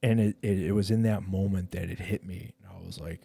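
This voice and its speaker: A man's voice: low-pitched, brisk, vocal fry, husky. A middle-aged man, a retired police officer, telling his own story in a casual podcast chat, swearing freely and acting out the lines of the people in it. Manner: profane, animated retelling with quoted dialogue.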